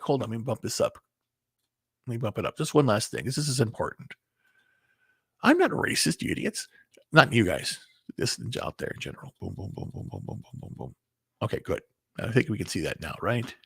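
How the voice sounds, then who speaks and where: A man delivers a loose, rambling commentary straight to his viewers, often restarting his sentences and muttering curses to himself. His voice is gravelly with a husky edge. The recording is dry and close. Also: mid-range voice, no echo. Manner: rambling, restarts, swears under breath, sharing screen. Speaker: video commentator. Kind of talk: casual opinion monologue to camera.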